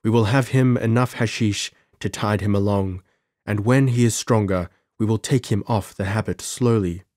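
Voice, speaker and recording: A man reading an audiobook, voicing an earnest gentleman who speaks urgently and insistently. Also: fairly low pitch, moderate pace, no room sound, clean studio sound, close to an everyday voice.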